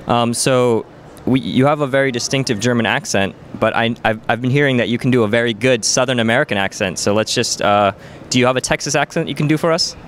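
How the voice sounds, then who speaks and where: A man's voice: mid-range voice, quick pace, fairly bright tone, a little hiss or hum. A man interviewing a player at a gaming event, chatty and playful, with lots of "um" and "like". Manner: chatty, filler-heavy, playful. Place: busy gaming event venue.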